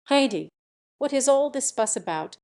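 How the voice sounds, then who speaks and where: A woman's voice: sits high, animated, moderate pace, a little mellow, pitched above the performer's own voice. A proud, blustering general from a fairy tale who orders his soldiers about, as a woman reading the story puts him on. He speaks in a commanding, indignant tone.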